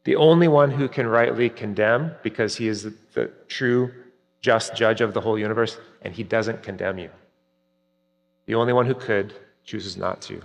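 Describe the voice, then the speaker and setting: A man preaching a sermon earnestly, rising for emphasis and dropping soft at key points. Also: fairly low pitch, normal speed, gravelly. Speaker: pastor. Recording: long reverb, hall-like.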